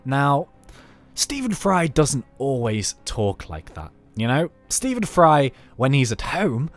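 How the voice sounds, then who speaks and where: At a slow pace and in a mid-range voice, a man from the United Kingdom rambles through a game for his YouTube let's play. The casual commentary is chatty and animated, set over soft background music.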